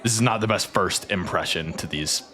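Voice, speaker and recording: A man voicing a disapproving male guest who quietly chides a colleague. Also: deep voice, moderate pace, a faint crowd. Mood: chiding.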